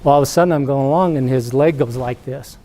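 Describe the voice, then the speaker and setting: A middle-aged man, an entrepreneur, giving a talk to students as an animated storyteller who acts out the voices. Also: mid-range voice, quick pace. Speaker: entrepreneur guest speaker.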